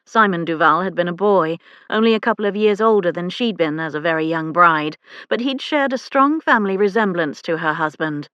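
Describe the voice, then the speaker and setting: A woman reading a historical romance novel aloud as an audiobook narrator, in a measured, even storytelling manner. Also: on the low side, smooth, no echo, highs cut off. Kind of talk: scripted narration.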